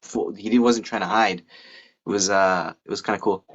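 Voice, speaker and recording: A man's voice: fairly low pitch, steady tone. Laid-back man on dull call audio. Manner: halting, filler-heavy, laid-back. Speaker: guest, scam baiter. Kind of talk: casual chat.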